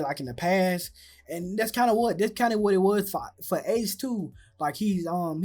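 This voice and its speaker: A man's voice: fairly high pitch, a little mellow. A man hosting his own channel, chatting casually with frequent ums, restarts and stutters. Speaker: anime channel host. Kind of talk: casual commentary.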